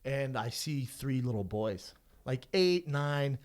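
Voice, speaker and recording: A man's voice: mid-range voice, takes it slowly. A man in his thirties co-hosting a podcast, telling stories in casual chat, swearing and acting out what people said. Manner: animated storyteller, acts out quotes, swears a lot. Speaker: podcast co-host.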